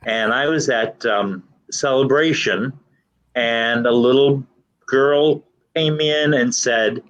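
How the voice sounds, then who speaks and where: A man's voice: medium pitch, slow, a bit bright, highs cut off. A man guest telling a heartfelt personal story in casual conversation. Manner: earnest, heartfelt.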